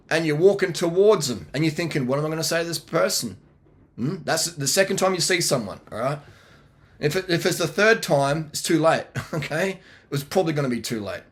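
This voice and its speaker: A middle-aged man giving blunt, slangy dating advice in a casual monologue, with laughing asides. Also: fairly high pitch. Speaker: video blogger answering viewer questions.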